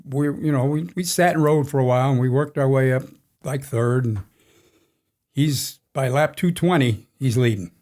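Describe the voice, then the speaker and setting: A man's voice: medium pitch, moderate pace, darkish tone. Older man telling racing stories. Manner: rambling anecdotal storyteller, chuckles often. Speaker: NASCAR crew chief guest. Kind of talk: casual storytelling interview.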